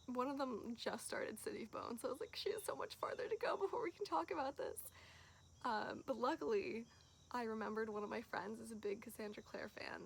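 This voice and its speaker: A woman reviewing a book to camera in a chatty, gushing way, full of "like"s and quick laughs. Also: on the high side, gravelly, a little hiss or hum. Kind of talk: casual chat to camera.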